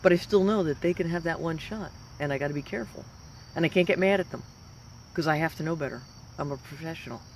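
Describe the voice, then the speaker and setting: A woman's voice: low voice, quick pace, slight background noise. A woman in her fifties, a professional fighter, giving an emphatic, rambling motivational talk. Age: 50s. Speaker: professional mixed martial arts fighter.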